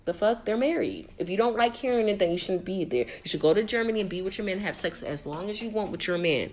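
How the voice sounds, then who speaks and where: A woman's voice: medium pitch, lively intonation, fast talker, a little mellow, slight background noise. A young adult woman recapping a reality show in a blunt, slangy, exasperated casual rant.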